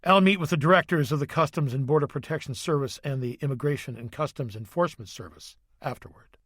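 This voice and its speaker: A man reading a grave, authoritative male president in an audiobook, measured and somber. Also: fairly high pitch, fairly bright tone, dry recording, studio quality.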